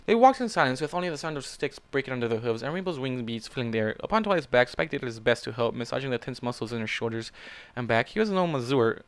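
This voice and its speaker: A man's voice: mid-range voice, expressive, fast, few pauses, fairly bright tone, clear, resonant tone. A man reading fan fiction aloud in a casual way, stopping to react and swear at the story. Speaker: fanfic reader.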